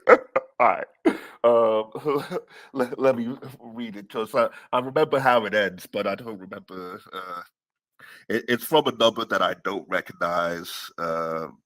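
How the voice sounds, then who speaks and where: Podcast guest, male, low-pitched and dry, animated storyteller who laughs through his lines. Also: measured pace, no echo. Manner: animated, often laughing through his words, stammering restarts. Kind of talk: casual storytelling on a comedy podcast.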